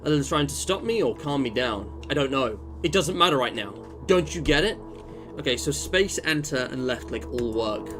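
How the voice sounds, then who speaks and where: A man's voice: mid-range voice, expressive, moderate pace, a bit bright. Young male let's-player, informal and musing, with game music playing under him. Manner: chatty and informal, muses aloud, slangy asides. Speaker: let's play gamer. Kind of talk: reading game text aloud with casual commentary.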